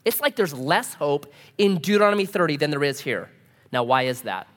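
A pastor preaching a casual, humorous sermon, full of rhetorical questions. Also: male voice, on the high side, expressive, fairly quick, fairly bright tone.

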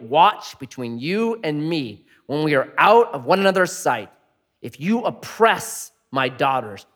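A man preaching with a lively, swooping delivery and a fairly high voice. His sermon rises to loud emphasis and falls to near-hushed asides. The sound rings with long reverb, as if from a large hall. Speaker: pastor.

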